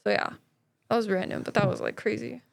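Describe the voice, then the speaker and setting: A woman's voice: medium pitch, steady tone, fast talker, gravelly. A woman co-hosting a podcast, telling stories in casual chat with lots of "like" fillers. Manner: rambling storyteller, many "like" fillers. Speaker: podcast co-host.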